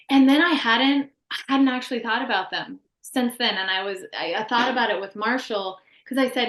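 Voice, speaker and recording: A woman's voice: a little high, animated, a little fast, fairly bright tone, roomy sound. A woman in her thirties earnestly sharing a personal story as a podcast guest, rambling with many restarts.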